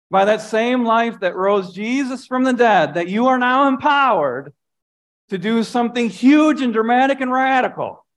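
A man's voice: extremely high pitch, a little slow, pauses often, a bit bright. A man, a pastor, preaching a sermon earnestly, often repeating phrases and dropping his voice for emphasis.

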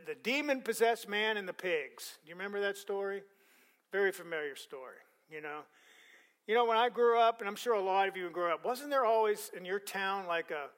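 A man preaching a sermon, reading scripture aloud, repeating words for emphasis and letting his voice fall softly at the ends of phrases. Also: high-pitched. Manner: repeats words for emphasis, quick conversational asides.

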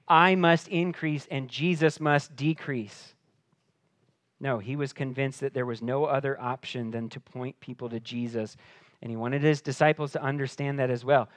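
A man preaching a sermon, swinging between hushed, intimate passages and loud, emphatic declarations. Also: medium pitch, dry recording. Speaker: pastor.

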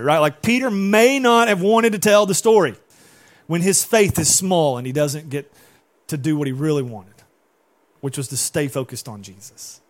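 Pastor guy preaching, kinda high voice, animated, keeps asking the crowd stuff. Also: normal speed. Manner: animated, asks the congregation questions. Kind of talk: sermon.

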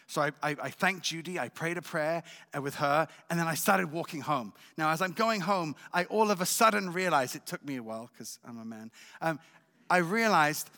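A man from Israel sharing his personal testimony as a guest speaker at a church service, with animated storytelling and frequent check-ins with the listeners. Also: fairly high pitch, in a large hall. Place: church sanctuary.

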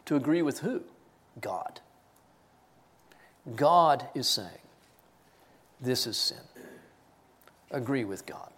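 A man's voice: medium pitch, lively intonation, takes it slowly, pauses often, fairly bright tone. A man preaching a sermon, telling stories with laughs and quoted voices. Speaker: pastor.

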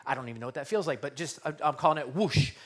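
A man's voice: medium pitch, racing. A male pastor preaching a conversational sermon, acting out the scenes as he tells them. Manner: animated, conversational, acts out scenes.

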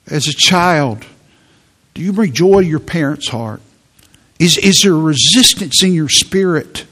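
A man's voice: a little high, animated, unhurried, sharp tone. A man preaching a sermon in an earnest tone, often repeating words as he presses a point.

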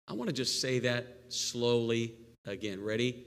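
A male pastor giving a live sermon, animated and playful, with jokey asides and call-and-response with the congregation. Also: mid-range voice, unhurried, clear, resonant tone. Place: church sanctuary. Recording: long reverb of a church hall.

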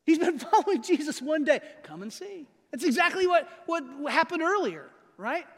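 A pastor with a strikingly high voice and lively intonation preaches a sermon, his words trailing off into the long reverb of a big church hall. His delivery is conversational and emphatic, slowing down hard to land key phrases, and he keeps asking the audience whether they follow.

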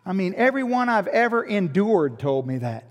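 A man preaching in a church sanctuary, with a notably high voice that rings through a long hall reverb. He is animated, pressing rhetorical questions and tossing in joking asides to the congregation. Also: normal speed. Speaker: pastor. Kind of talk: sermon.

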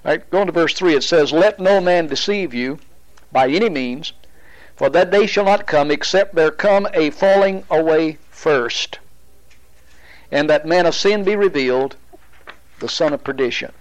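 A man teaching a Bible study, explaining at a deliberate pace with pauses and restarts. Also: fairly high pitch, dull audio.

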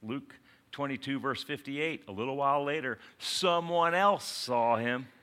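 A man preaching a sermon in an animated way, acting out quotes and asking the congregation questions. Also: medium pitch, measured pace, clean tone. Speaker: pastor.

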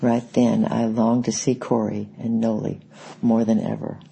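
A man narrating an audiobook in a measured, reflective way. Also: on the low side, level tone, gravelly, warm tone, husky, rough recording. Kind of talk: scripted narration.

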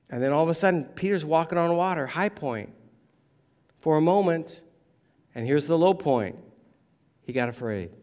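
A pastor preaches a sermon, telling a story with lively shifts and acting out the voices of the people he quotes. He speaks at a medium pitch.

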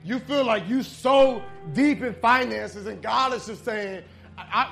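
A male preacher with a very high voice, telling stories in a loose, conversational way. He swings from loud emphasis down to hushed intensity. Soft music plays faintly behind him. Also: measured pace, gravelly. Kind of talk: sermon.

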